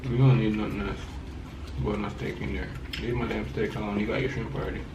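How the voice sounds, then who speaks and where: A man from Jamaica with a Jamaican accent, a guest chatting over food in a laid-back, low-key way that trails off quietly. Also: steady tone, fast talker, creaky. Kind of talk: casual chat over food. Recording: roomy, from a distance, faint noise.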